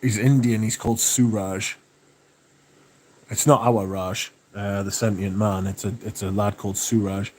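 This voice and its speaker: A man hosting a livestream, chatting casually and reading out viewer comments, relaxed and enthusiastic with plenty of swearing. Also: lowish voice, measured pace. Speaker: livestream host.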